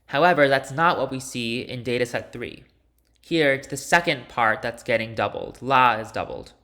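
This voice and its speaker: Male instructor, bright mid-pitched voice, methodical walkthrough with casual fillers. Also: normal speed. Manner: explains step by step, with fillers and restarts. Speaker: linguistics instructor. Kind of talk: recorded lecture walkthrough.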